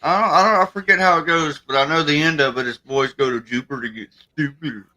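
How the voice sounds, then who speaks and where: A man's voice: fairly high pitch, fast talker, pushed and bright. A man co-hosting a live stream chat, laid-back and swearing casually, as if on a video call.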